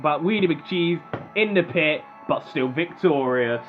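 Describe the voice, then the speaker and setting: A young man doing excitable play-by-play commentary on a robot combat match, animated and chatty. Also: fairly high pitch, a little slow, phone-quality sound, over music.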